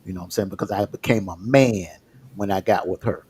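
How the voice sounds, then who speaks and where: A man's voice: lowish voice, a little fast, a little mellow, slight background noise. A man frankly telling his own relationship story on a livestream, often repeating words as he gathers his thoughts. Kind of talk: casual personal storytelling.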